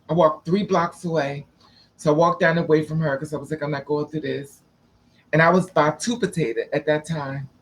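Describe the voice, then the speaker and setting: A man telling a personal story in a casual, profane, dramatic way, acting out the people in it. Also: on the high side. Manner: profane, dramatic, switching between quoted voices.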